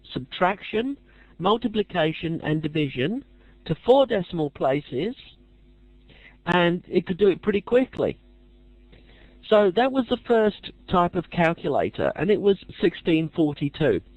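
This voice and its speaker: Lively chatty male lecturer. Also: high-pitched, no room sound, dull audio. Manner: chatty with dry jokey asides. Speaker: teacher. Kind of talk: casual lecture.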